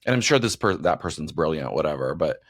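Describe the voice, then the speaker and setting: A man's voice: extremely low pitch, very animated, quick pace, dry recording, studio quality. A man hosting a podcast, chatting casually and rambling with lots of fillers. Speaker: podcast host. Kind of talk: casual chat.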